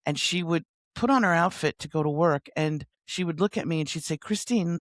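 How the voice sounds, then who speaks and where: A woman in her sixties, a coach telling stories as an interview guest on a remote call, lively and laughing often. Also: low-pitched, brisk, no echo. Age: 60s. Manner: lively, animated storyteller with frequent laughs. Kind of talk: conversational interview storytelling. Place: home near Sydney, remote call.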